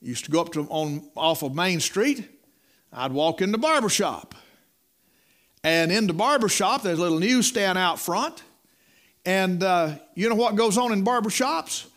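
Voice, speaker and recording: A man's voice: high-pitched, expressive, measured pace, a bit bright. Folksy preacher man. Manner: folksy storytelling preacher, repeats words, calls listeners "my friend". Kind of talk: sermon.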